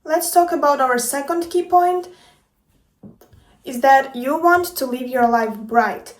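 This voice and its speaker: Speaking slowly in a high voice, this woman is a life coach talking to viewers in an informal motivational vlog. She's emphatic and playful, and she swears without holding back. Her mic is distant and the room echoes.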